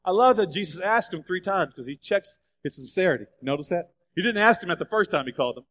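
High-voiced preacher in an echoing hall. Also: male voice, quick pace, few pauses. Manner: animated storytelling, acting out quoted voices. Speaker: pastor. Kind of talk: sermon. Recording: long hall reverb.

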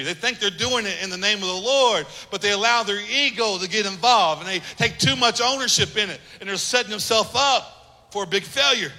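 A man's voice: high-pitched, bright, forceful tone. A man preaching a sermon as pastor, emphatic, repeating phrases and acting out little quotes. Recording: long hall reverb.

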